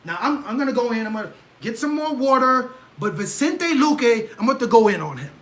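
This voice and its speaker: A man hosting a casual livestream, talking in an animated, rhetorical way and often asking "right?" for agreement. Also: very high voice, brisk, low-quality recording. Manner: gets loud and excitable. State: leg cramp. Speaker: livestream host.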